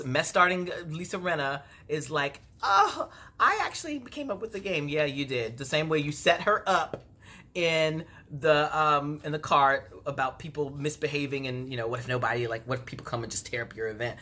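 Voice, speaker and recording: A woman recapping a reality TV episode in a casual, gossipy vlog, animated and full of acted-out quotes. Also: low voice, normal speed. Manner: chatty, gossipy, animated retelling; acts out quotes in exaggerated voices.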